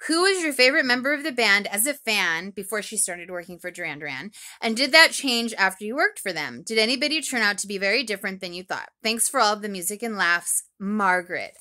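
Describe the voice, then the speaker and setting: Chatty, bright-voiced woman reviewer. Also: medium pitch. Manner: chatty, rambling with many ums; animated, expressive voice. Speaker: podcast reviewer. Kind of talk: solo recap vlog.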